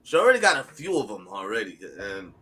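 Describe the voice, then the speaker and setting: A man's voice: fairly low pitch, sing-song, fast talker, crowd noise. A man chatting casually and teasing friends as a guest on a live stream. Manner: joking and teasing. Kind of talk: casual chat. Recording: online live stream call.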